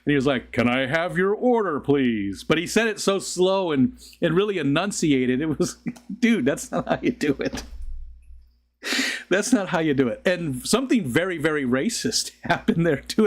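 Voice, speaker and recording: Streamer, middle-aged man, rambly and laughing, fairly high, bouncy voice. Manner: rambling, chuckling, talks to chat. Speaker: livestream host. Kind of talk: casual live-stream chat.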